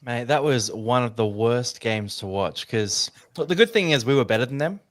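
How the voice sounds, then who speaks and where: A man's voice: mid-range voice, expressive, normal speed. An Australian man on a podcast panel, giving a frustrated breakdown in casual chat. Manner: frustrated analysis.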